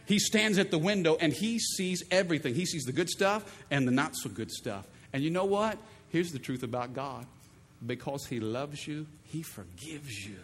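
A middle-aged male pastor preaching with a high, lively voice that swoops up and down, full of playful call-and-response. His sermon rings out with the long reverb of a large church hall, with faint room ambience behind it. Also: moderate pace, slight background noise.

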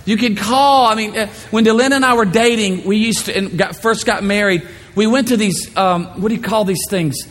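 Animated high-voiced preacher in a reverberant hall. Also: male voice, moderate pace, few pauses. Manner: animated, playful storytelling with shouted impressions. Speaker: pastor. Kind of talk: sermon.

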